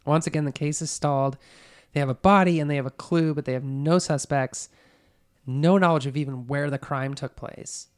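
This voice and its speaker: A man's voice: a little high, moderate pace, clear, resonant tone. A man hosting a podcast, casually retelling a true crime story and acting out the people in it. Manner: animated retelling with acted-out quotes.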